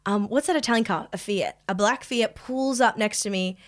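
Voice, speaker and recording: A young woman, an animated podcast co-host telling a story in casual chat. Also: medium pitch, normal speed. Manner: animated, expressive, swears freely.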